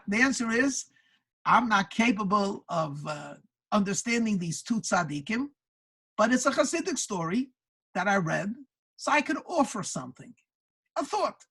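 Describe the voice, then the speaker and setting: A woman's voice: mid-range voice, fairly bright tone, husky, poor audio. A woman speaking at a religious gathering, telling a Hasidic story and reflecting on it earnestly, often restarting her words. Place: synagogue community gathering.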